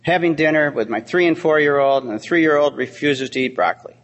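A man's voice: on the high side, brisk, fairly bright tone, lo-fi sound. Middle-aged man telling a recovery story. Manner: storytelling, heartfelt with dry humor. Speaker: AA speaker. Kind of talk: recovery talk. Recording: long hall reverb.

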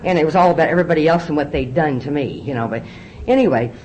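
Low-voiced fast-talking woman telling her story. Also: lively intonation, a little mellow, lo-fi sound, slight background noise. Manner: candid, storytelling, repeats words on restarts. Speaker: recovery meeting speaker. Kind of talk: personal testimony talk. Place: meeting hall podium.

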